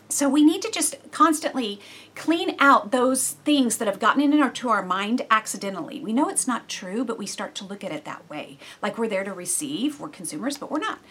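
A middle-aged woman preacher with a husky, slightly breathy voice. She talks through her sermon like a chat, animated and full of asides, and drops low and soft for the serious points. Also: fairly quick. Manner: conversational and animated, with frequent asides.

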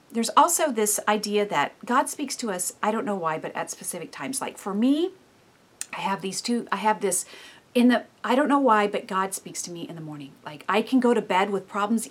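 Animated woman giving a devotional talk. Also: medium pitch. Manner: animated, acts out inner voices, drops to soft hushed tones. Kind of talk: devotional teaching.

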